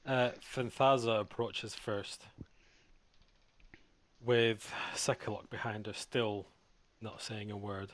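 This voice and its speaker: Slow-talking male game master. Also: on the low side, fairly even intonation, dry recording. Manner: slow, laid-back narration with fillers. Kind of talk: narrating a tabletop game.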